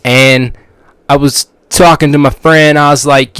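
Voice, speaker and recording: A man's voice: a little high, normal speed, a bit bright, clear, resonant tone, no echo. Brief: male podcast host, loose goofy storytelling, dry close sound. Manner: goofy, rambling, restarts sentences. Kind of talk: casual storytelling monologue.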